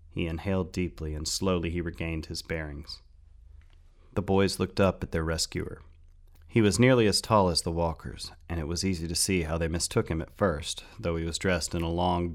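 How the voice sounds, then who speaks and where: A man reading a story aloud as the narrator, in steady, tense storytelling. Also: low-pitched. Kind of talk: scripted audiobook narration.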